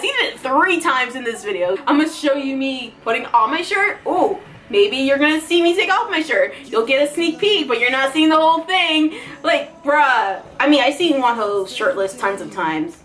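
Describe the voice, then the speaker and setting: A woman's voice: high voice, animated, moderate pace, a bit bright. A woman vlogger giving a giddy, gushing reaction commentary, laughing often and crying out.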